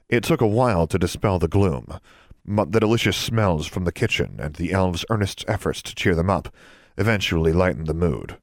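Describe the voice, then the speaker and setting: A man reading a story aloud as a narrator, in a steady, measured way. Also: low-pitched, no room sound. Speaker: audiobook narrator. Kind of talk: scripted narration.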